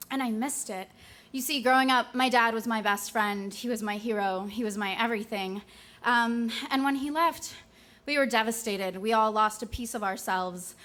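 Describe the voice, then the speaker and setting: Woman in her twenties, stage storyteller; high-pitched, wry, punchy comic delivery. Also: fairly bright tone.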